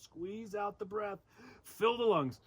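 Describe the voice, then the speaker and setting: A man's voice: high-pitched, takes it slowly, slightly rough. A man leading an outdoor abs workout, counting reps and cueing breaths with upbeat energy. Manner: upbeat, coaching, cues breathing. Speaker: fitness instructor. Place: outdoors among rocks.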